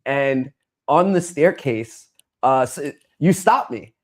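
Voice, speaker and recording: A man who is a streamer, talking as a guest in a casual interview and telling stories in an animated way. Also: mid-range voice, slow pace. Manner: animated storyteller, acts out dialogue.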